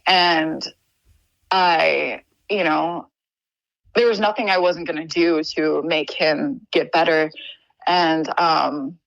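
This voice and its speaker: Podcast guest, woman from Wisconsin, young adult. Lower-pitched voice, candid and halting delivery, dry close-miked sound. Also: fairly even intonation, vocal fry, dry recording, rough recording. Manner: earnest, halting, many restarts and fillers. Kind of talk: candid personal storytelling.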